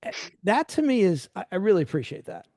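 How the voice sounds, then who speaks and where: A middle-aged man hosting a podcast, chatting casually and telling animated stories that act out quoted dialogue. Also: high-pitched, fast talker, no echo, studio quality. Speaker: podcast host. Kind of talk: casual interview chat.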